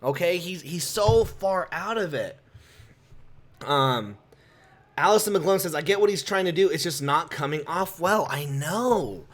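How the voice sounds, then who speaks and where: A young man with a slightly raised voice reviews comics in casual commentary. He rants in an animated, exasperated way. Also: a little high, unhurried.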